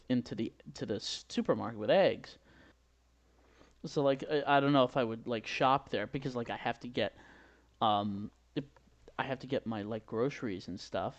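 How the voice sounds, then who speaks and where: A man giving a rambling mock lecture as a pretend professor, halting and full of restarts, with sudden loud outbursts. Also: medium pitch, highs cut off. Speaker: comedy video maker posing as a drawing professor.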